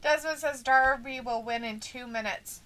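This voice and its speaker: A woman with a bright, fairly high voice chats casually, reading out viewer comments. She teases and giggles as she goes, keeping things light and playful. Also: moderate pace. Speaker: co-host of a wrestling watch-along stream.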